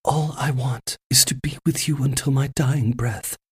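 A man voicing a devoted young woman in a story, speaking in a soft, raised voice. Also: fairly even intonation, measured pace, slightly rough. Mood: tender. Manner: soft, raised pitch, gentle pleading.

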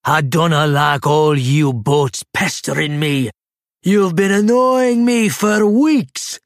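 Here is a gruff old boat from a picture book, voiced by its narrator. He growls each word out slowly, a bit higher and louder than a plain reading voice. The sound is dry and close, with no room around it. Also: dry recording. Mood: grumpy. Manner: growling, slow and heavy. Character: grumpy old male boat, gruff and unfriendly. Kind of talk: storybook character voice.

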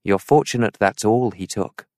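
A man voicing a wise old wizard who speaks in a calm, measured, murmuring way in a storybook reading. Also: fairly low pitch, no echo, clean studio sound, lightly acted.

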